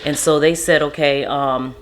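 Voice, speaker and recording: A young mother casually telling a story to her viewers, animated and acting out what people said. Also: deep voice, normal speed, a little hiss or hum. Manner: animated retelling, acts out quotes. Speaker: vlogger, mother.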